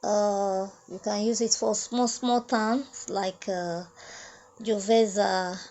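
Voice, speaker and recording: A woman teaching French grammar at a whiteboard, repeating each phrase slowly and explaining step by step. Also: medium pitch, steady tone, darkish tone. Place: classroom at a whiteboard. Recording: dull lo-fi sound.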